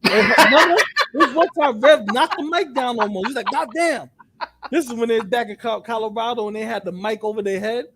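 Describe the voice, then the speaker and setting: A man with a high voice talking in casual chat, blunt and profane. He gets animated and acts out other people's lines in a mocking tone. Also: fast talker, background noise. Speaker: co-host.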